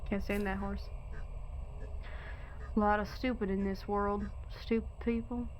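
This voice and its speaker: A woman's voice: medium pitch, level tone, unhurried, slight background noise, lightly acted, rough recording. A woman reading aloud a grumbling old male river drifter from a game, in blunt country talk.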